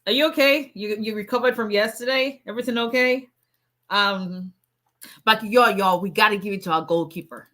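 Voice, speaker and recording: Woman attorney, chatty livestream host, bright tone, laughs easily with her viewers. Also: medium pitch, normal speed. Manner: chatty and playful, laughs often, greets viewers by name. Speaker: immigration attorney. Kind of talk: casual livestream chat with viewers.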